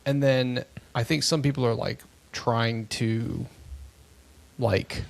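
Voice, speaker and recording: A man co-hosting a podcast, telling stories in a rambling, animated way with lots of fillers. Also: medium pitch, takes it slowly, vocal fry. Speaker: podcast co-host. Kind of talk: casual chat.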